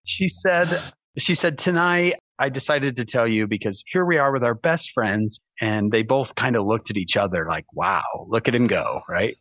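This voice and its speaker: A man telling stories as a podcast guest, acting out the people he quotes with lively jumps in his voice. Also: normal speed, dry recording. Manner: animated storyteller, acts out quoted voices with big pitch jumps. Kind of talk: casual storytelling.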